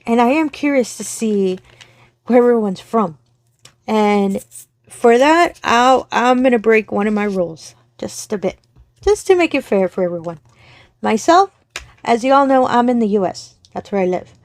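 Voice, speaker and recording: A woman's voice: fairly high pitch, animated, normal speed, a little mellow, no room sound. A middle-aged woman, chatting casually to her viewers on her crafting channel, rambling and correcting herself as she goes. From Texas, US. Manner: rambling, self-correcting, friendly.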